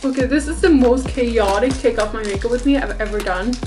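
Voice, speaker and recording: A woman's voice: fairly high pitch, fairly quick, over music. A woman chatting casually and joking at herself while taking off her makeup. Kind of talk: casual makeup-removal vlog.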